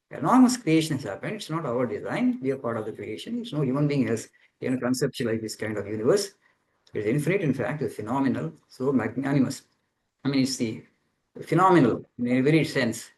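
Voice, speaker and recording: A man's voice: medium pitch, darkish tone, rough recording. A man, a monk, giving a spiritual teaching talk to students over a video call, explaining earnestly and repeating phrases as he searches for words. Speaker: monk answering students' questions.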